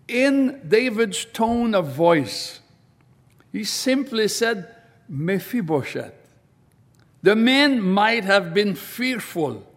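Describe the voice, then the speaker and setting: A man preaching a sermon, reading scripture aloud and explaining it slowly and deliberately. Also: sits high, a bit bright.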